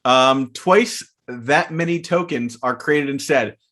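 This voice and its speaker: A man co-hosting a casual podcast, reading card text aloud and chatting in a relaxed way with plenty of fillers. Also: mid-range voice, slow pace. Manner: laid-back, reads card text aloud, frequent fillers. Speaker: podcast co-host. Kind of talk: casual chat about card game spoilers.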